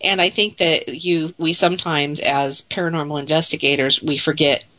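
A woman's voice: deep voice, fairly even intonation, sharp tone. A woman co-hosting a casual radio talk show, her nose stuffed up from allergies, chatty and joking. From Pacific Northwest. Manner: chatty, joking, quick laughs.

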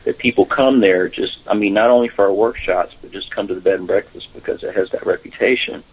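Man, paranormal investigator guest, husky low voice, unhurried halting delivery, muffled lo-fi call. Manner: relaxed, halting storytelling with fillers. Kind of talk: casual interview talk.

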